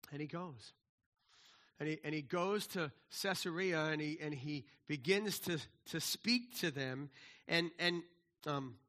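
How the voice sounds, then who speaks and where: A man preaching a sermon, animated, acting out scripture dialogue and restarting his sentences often. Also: fairly high pitch. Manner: animated, acts out biblical dialogue, frequent restarts. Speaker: pastor.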